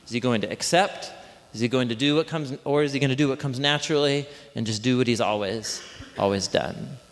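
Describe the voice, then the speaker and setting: A man's voice: medium pitch, fairly quick. A man preaching a conversational sermon to a congregation, often asking them questions. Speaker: pastor. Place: church hall with congregation. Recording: long hall reverb.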